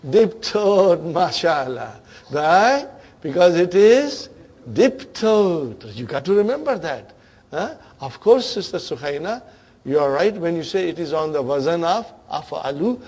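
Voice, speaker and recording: A man teaching an Arabic grammar class, quizzing his students with repeated questions and murmuring quiet words of praise. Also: on the high side, big pitch swings, measured pace, husky.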